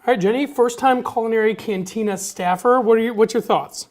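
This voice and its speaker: A woman's voice: on the high side, a little fast, a little mellow. A woman hosting a casual cooking show, chattily walking through each step. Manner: upbeat, walks through steps chattily.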